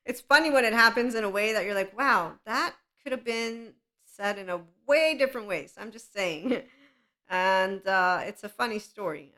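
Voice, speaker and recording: A woman's voice: mid-range voice, bright, forceful tone. A woman hosting a podcast, telling a personal story in a candid, blunt way and laughing often. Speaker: podcast host. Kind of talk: casual monologue.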